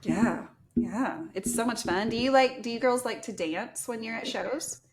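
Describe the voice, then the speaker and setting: A woman from Texas with a Southern accent, hosting a casual podcast chat, chatty and quick to laugh. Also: on the high side, creaky, noisy background. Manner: chatty, laughs often, says y'all. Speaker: podcast host.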